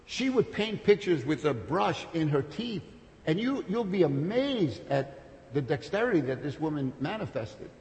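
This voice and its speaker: A man preaching a sermon with passion, building to loud peaks and then dropping to soft, intimate storytelling. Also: on the high side, big pitch swings, moderate pace. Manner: impassioned, builds to shouts, then drops soft. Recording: long hall reverb.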